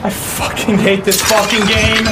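A man shouting and swearing constantly as he rages at a video game. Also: high voice, level tone, measured pace, heavy background noise. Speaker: gamer. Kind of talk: gaming rage.

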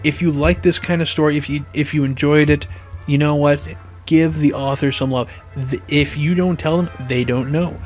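A man narrating a fan story, rambling casually in his asides, his voice going hoarse. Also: fairly high pitch, fairly even intonation, moderate pace, a little mellow, faint music behind. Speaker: storyteller, fan fiction reader.

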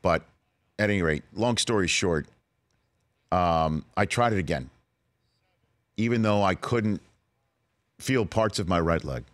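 A man in his late forties with a very low, deep voice, recounting a personal story on a sports talk show. He speaks earnestly and grows emotional at times. The studio sound is dry and close. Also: animated, a little slow, pauses often, no echo. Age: 40s. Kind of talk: casual chat. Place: radio studio.

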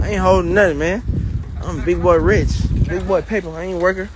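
A man talking in a casual vlog outdoors, excited and repetitive, filming himself on a phone. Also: high-pitched, fairly quick, background noise. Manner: excited, repetitive street talk. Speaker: vlogger.

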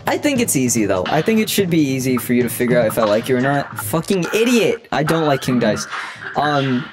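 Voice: medium pitch, animated, brisk. A young adult game streamer giving casual live commentary, laughing often and swearing freely in a teasing way. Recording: game music behind the voice.

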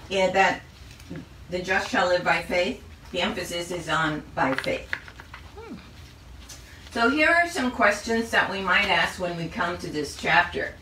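Woman Bible teacher, slow and measured, bright tone, roomy distant mic. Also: medium pitch, slight background noise. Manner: measured, reads out a list of questions. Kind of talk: Bible study lesson.

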